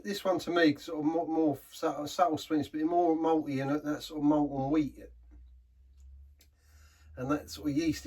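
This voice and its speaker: Sounding a bit distant because he sits back from the mic, a husky-voiced man gives a laid-back beer review. He rambles and trails off, restarting sentences partway through. His voice is a little high and a little mellow.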